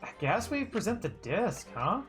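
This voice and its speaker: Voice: medium pitch, big pitch swings, moderate pace, fairly bright tone, faint music behind. A streamer chatting casually while playing a game, rambling and correcting themself. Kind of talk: casual let's-play commentary.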